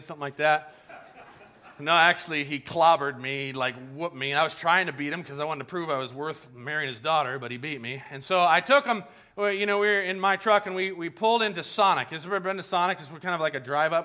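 Male pastor, middle-aged, bright tense voice, storytelling sermon with big swings from soft to loud. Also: fairly high pitch. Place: church sanctuary.

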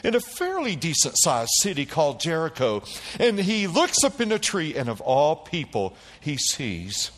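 A man preaching a sermon, calling out to the congregation and swinging between quiet low passages and loud high bursts. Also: moderate pace, in a large hall. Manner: animated preaching with call-and-response. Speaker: pastor.

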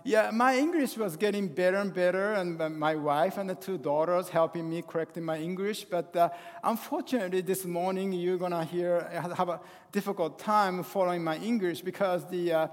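High-voiced man preaching, halting. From Japan. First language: Japanese. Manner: halting, full of hesitations and restarts. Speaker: guest pastor. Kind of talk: sermon. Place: church sanctuary. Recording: long hall reverb in a church.

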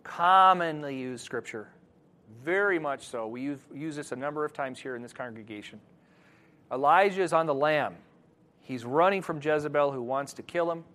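A man preaching a sermon to his congregation, moving between quiet scripture reading and loud, animated emphasis. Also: a little high, moderate pace. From Wisconsin, USA. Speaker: pastor.

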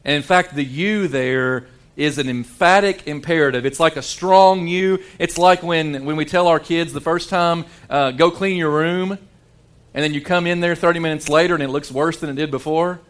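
Fairly high-voiced male preacher. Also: moderate pace. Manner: dramatic, shifts between hushed low tones and animated quoted voices; repeats words and restarts often. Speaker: pastor. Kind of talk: sermon.

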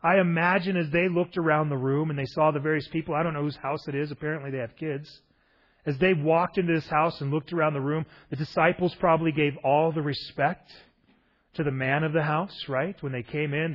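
A pastor preaching a conversational sermon, retelling a gospel scene and often asking rhetorical questions with a light, joking touch. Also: male voice, a little high, steady tone, normal speed, muffled recording.

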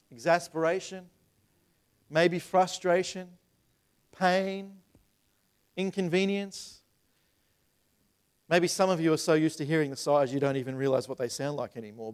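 A man in his thirties preaching a sermon to a congregation, talking in a conversational way that rises into emphatic passages. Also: a little high. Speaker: pastor. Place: church sanctuary.

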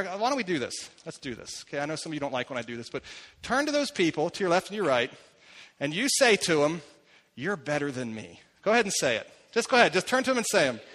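A man's voice: high-pitched, fairly bright tone. A man in his thirties preaching a sermon, talking conversationally and putting questions to the congregation. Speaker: pastor. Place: church hall. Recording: long hall reverb.

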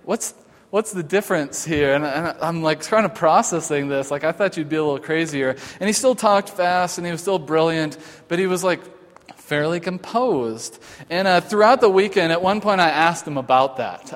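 A man preaching a conversational sermon as pastor, talking informally with many fillers and halting restarts. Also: fairly high pitch. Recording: long hall reverb.

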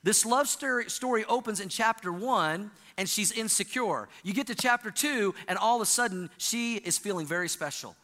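A male pastor delivers an animated sermon, his voice high and sharply bright. He gets the congregation to repeat lines back to him. The sound carries the long reverb of a large church hall. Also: moderate pace, hardly any pauses. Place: church sanctuary.

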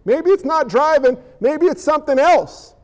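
A man preaching a sermon dramatically, firing rhetorical questions at the congregation and swinging between forceful declarations and hushed asides. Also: extremely high pitch, animated, normal speed, dull audio. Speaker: pastor.

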